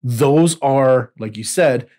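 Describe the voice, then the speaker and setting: A man's voice: mid-range voice, slow pace, dark tone. A man co-hosting a podcast in casual chat, earnest and rambling with frequent restarts. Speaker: podcast co-host.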